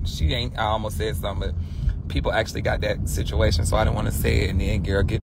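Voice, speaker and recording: A man livestreaming while driving, chatting in a sassy, loud and profane way, often calling his listeners girl. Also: fairly low pitch, steady tone, fast talker, vocal fry. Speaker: livestream host. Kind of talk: casual chat while driving. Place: inside a car on the road. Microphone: phone on a dashboard holder. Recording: car and traffic noise. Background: road and traffic noise.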